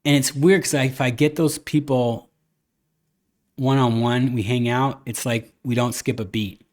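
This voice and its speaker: A man's voice: mid-range voice, steady tone, unhurried, darkish tone. Candid rambling man hosting a podcast. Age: adult, a father. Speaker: podcast host. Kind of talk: casual chat.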